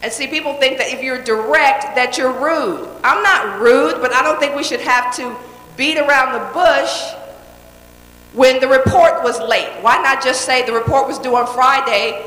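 A woman's voice: sits high, moderate pace, a bit bright. A woman giving a motivational talk to a live audience, direct and emphatic, repeating key phrases and checking in with the crowd. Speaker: motivational speaker. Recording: echoey hall with long reverb.

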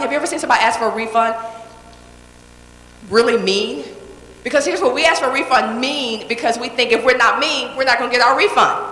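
A woman's voice: high-pitched, bright, forceful tone, slight background noise. A woman giving a motivational talk to a live audience, direct and emphatic, repeating key phrases and checking in with the crowd. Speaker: motivational speaker. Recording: echoey hall with long reverb.

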